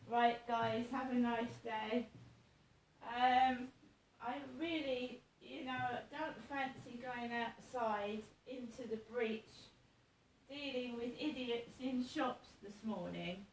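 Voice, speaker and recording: A woman's voice: fairly high pitch, steady tone, slow pace, far from the mic. A woman talking casually to her viewers in a rambling, indignant way, repeating herself. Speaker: vlogger. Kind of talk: casual monologue to camera. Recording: echoey room with faint hiss.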